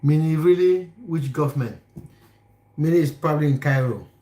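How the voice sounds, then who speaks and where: A fairly high-voiced young man from Cameroon chats on a live stream, teasing viewers by name as he reads their comments. He talks in a casual, playful way. His voice rings around a reverberant home kitchen. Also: moderate pace, mellow. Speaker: livestream host. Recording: echoey kitchen room.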